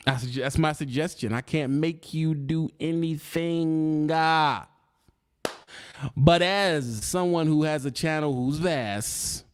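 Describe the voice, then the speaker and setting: A man's voice: fairly high pitch, takes it slowly, clean tone. A man hosting a trucking channel, giving casual straight-talk advice full of slang. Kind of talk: casual podcast chat.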